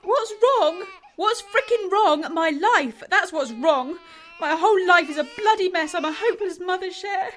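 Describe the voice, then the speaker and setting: A woman's voice: sits high, lively intonation, normal speed, a little hiss or hum. A sobbing, desperate mother. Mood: tearful despair. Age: 30s. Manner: tearful, swearing, exasperated. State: crying. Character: desperate young mother in debt, thirty-two. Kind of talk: scripted educational drama.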